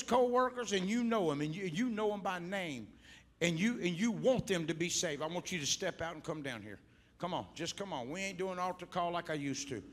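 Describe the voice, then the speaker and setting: A male evangelist preaching fervently at a church altar call, shouting one moment and coaxing quietly the next as he calls back and forth with the congregation. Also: high-pitched, a little hiss or hum. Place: church service before a congregation.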